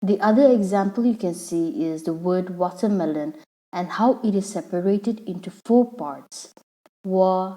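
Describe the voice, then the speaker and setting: A woman teacher explaining a lesson patiently, repeating each word slowly so the syllables come through. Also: fairly low pitch, mellow, poor audio. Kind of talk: slow classroom explanation.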